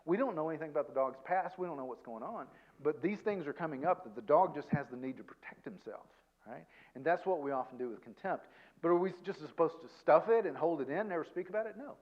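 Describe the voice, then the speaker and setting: A man giving a conversational seminar talk as a guest counselor, self-deprecating and tagging his points with quick check-ins to the audience. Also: a little high, expressive, highs cut off. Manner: chatty, self-deprecating, peppers points with "okay?" and "right?".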